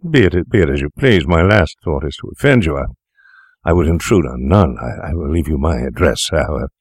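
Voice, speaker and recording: A man's voice: a bass voice, expressive, a little fast, dry recording, clean studio sound, heavily acted. A man reading an audiobook, voicing a flustered wealthy older physician who stammers and placates nervously. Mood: placating.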